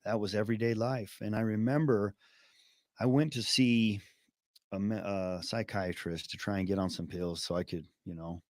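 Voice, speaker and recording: A man's voice: steady tone, normal speed, dry recording, studio quality. A young man as an interview guest, speaking in an earnest, reflective way. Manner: earnest, low-key, reflective. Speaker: guest in recovery. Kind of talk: casual interview chat.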